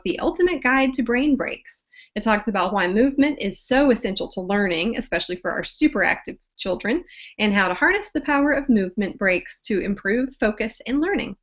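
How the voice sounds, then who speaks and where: A woman's voice: mid-range voice, animated, a little fast. A woman, hosting a webcast and reading a friendly introduction of her guest. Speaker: host. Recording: dull lo-fi webcast audio.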